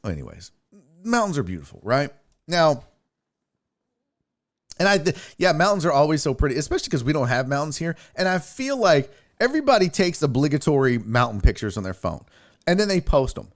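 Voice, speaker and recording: A young man tells stories from his trip in a loose, casual way, swearing freely and acting out the people in them. His voice sits a little high and swings widely up and down as he talks. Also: brisk. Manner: profane, animated, acts out quotes. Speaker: podcast host. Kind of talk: casual storytelling.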